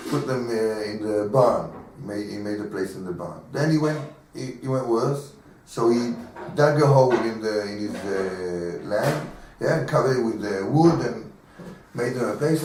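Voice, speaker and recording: Animated rabbi in an echoey room. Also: male voice, mid-range voice. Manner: animated storyteller, acting out voices in the story, chuckling. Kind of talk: telling a teaching story in a class. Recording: echoey room from far off, faint background noise.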